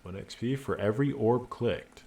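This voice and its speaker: A man's voice: mid-range voice, moderate pace, vocal fry, dark tone. A man streaming a video game, making casual commentary with playful asides as he reads the dialogue aloud.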